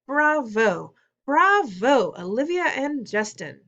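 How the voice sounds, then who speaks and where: A woman's voice: high voice, sing-song, normal speed, a bit bright, muffled recording, pitched above the performer's own voice, exaggerated voice. A woman voicing a theatrical middle-aged male drama teacher in a storybook reading. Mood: effusive. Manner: theatrical, grinning.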